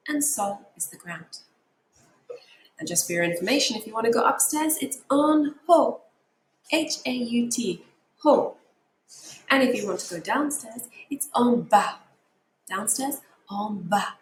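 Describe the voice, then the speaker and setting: A woman teaching a recorded French lesson, drilling vocabulary slowly and clearly, with repetitions. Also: a little high, expressive. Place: Malaysia. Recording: echoey room.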